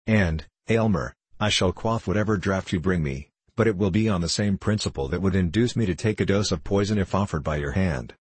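In an audiobook reading, a man voices a young wife who is calm, firm, devoted and resolute, speaking slowly and steadily. His voice is low and husky, with no echo.

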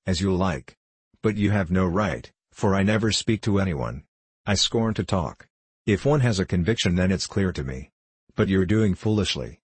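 Brief: man doing a blunt, earnest recluse in an audiobook; deep, husky voice. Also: no echo. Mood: dismissive. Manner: blunt, hot and rapid. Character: proud reclusive young man, abrupt and earnest.

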